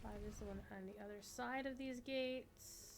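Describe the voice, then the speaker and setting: A woman livestreaming a game, chatting in a rambling way with sudden excited outbursts. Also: fairly high pitch, normal speed, vocal fry. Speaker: livestreaming gamer. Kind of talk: casual chat while playing a game.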